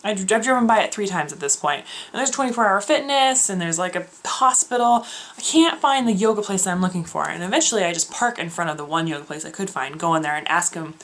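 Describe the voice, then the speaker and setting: A young woman telling a story in a casual vlog, animated, with lots of fillers and restarts, acting out the voices of others. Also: on the low side, fast. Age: young adult. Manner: frequent filler words and self-corrections. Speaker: beauty vlogger.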